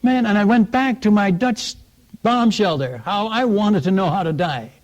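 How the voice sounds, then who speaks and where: An animated man preaching as a missionary and telling a story. His voice sits a little high for a man. He often stumbles, restarts and repeats words as he talks. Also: normal speed, highs cut off. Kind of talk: sermon storytelling.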